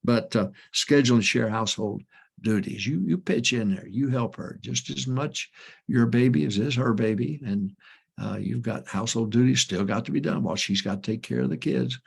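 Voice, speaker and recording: A man's voice: medium pitch, normal speed, creaky, slightly rough. An older man, a pastor, giving folksy advice to church couples in an emphatic way, repeating his warnings and telling homespun stories. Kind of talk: folksy ministry advice talk.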